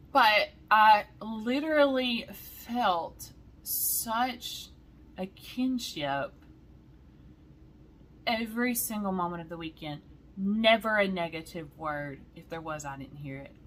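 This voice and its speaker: A cross-stitch vlogger chats casually and enthusiastically, rambling from one story to the next. Her mid-range voice has a fairly bright tone, with slight background noise.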